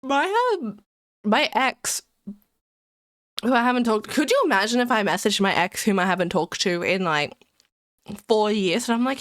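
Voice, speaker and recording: A woman streamer in casual live-stream chat, excitable and giggly, rambling and repeating herself. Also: mid-range voice, normal speed, long pauses, no room sound, studio quality.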